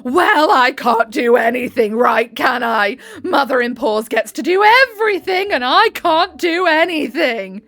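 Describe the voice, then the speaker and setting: A woman's voice: fairly high pitch, lively intonation, slow, hardly any pauses, fairly bright tone, exaggerated voice. A woman voicing a hostile, overbearing middle-aged mother-in-law who scolds and pities herself, in a storybook reading. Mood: indignant. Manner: indignant, scolding, self-pitying.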